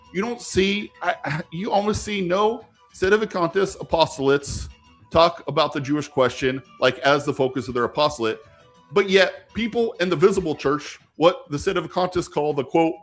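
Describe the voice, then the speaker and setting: A man's voice: a little high, a bit bright. A man hosting a casual live stream while gaming, rambling with many fillers and turning emphatic when he argues.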